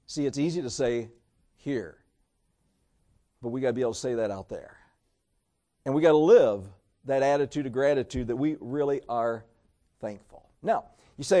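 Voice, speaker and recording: A man's voice: medium pitch, normal speed, dark tone. A man preaching a sermon in an easy, conversational way, repeating key phrases and getting the congregation to say them back. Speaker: pastor.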